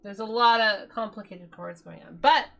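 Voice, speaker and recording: A woman's voice: mid-range voice, moderate pace, creaky, a bit bright. A woman streamer chatting casually with viewers, rambling and restarting her sentences, her voice tired. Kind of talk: casual live-stream chat.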